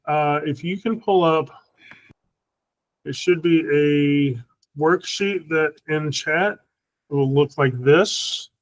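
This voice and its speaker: A man's voice: on the high side, low-quality recording. A man teaching an online class, patiently walking students through a worksheet and checking they understand.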